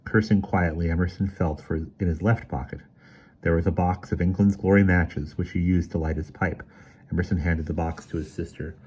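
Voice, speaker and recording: Deep, husky male storybook reader. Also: steady tone, moderate pace, darkish tone. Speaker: audiobook reader. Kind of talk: storybook narration.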